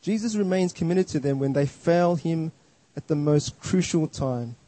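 A man's voice: on the high side, moderate pace, warm tone, no room sound, poor audio. A man preaching a sermon in an earnest, emphatic way, often restarting his words.

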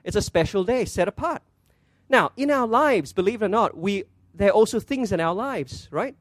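A man preaching a sermon as pastor, asking rhetorical questions and slowing down to stress key words. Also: high voice, lively intonation, no echo.

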